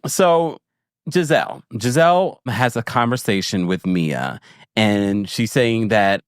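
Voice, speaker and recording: Speaking slowly in a smooth, lowish voice, this man hosts a podcast recapping reality TV, captured cleanly in a studio without room sound. Animated and playful, he laughs a lot, makes asides, and talks frankly like a big brother.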